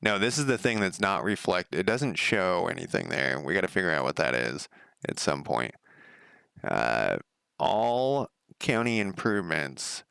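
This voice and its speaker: A man's voice: deep voice, expressive, unhurried, vocal fry, fairly bright tone, smooth, dry recording, clean studio sound. A middle-aged man giving casual, rambling commentary as he codes a game, talking to himself and laughing at his own slips. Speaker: game developer streaming his coding. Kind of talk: casual live coding commentary.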